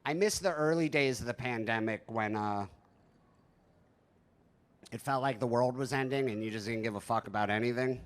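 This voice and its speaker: A man in his thirties performing stand-up, spinning stories about home life in a loose, conversational way. He swears freely and pokes fun at himself. His voice sits at an ordinary middle pitch. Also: moderate pace, pauses often. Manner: profane, conversational, self-deprecating. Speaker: stand-up comedian. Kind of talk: stand-up storytelling.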